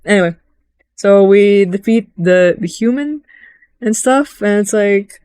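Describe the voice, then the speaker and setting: A woman's voice: mid-range voice, smooth. Chatty woman rambling through a game recap. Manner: chatty, rambling, animated, acts out characters' lines in quick put-on voices. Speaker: gaming vlogger.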